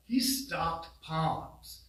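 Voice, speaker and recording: A man telling humorous family stories in a eulogy at a funeral home, animated and laughing along, recorded from a distance. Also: a little high, drawn-out words. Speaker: son giving a eulogy. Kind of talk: humorous memorial storytelling. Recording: roomy, distant hall sound.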